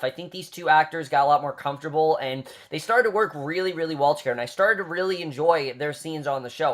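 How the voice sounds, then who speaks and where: A man talks through his thoughts on a TV season in a loose, unscripted way, circling back and repeating himself. His voice sits a little high for a man. He keeps the tone conversational, like a video blogger speaking straight to his viewers. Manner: chatty, many fillers and repeated phrases. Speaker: TV reviewer. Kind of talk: casual vlog review.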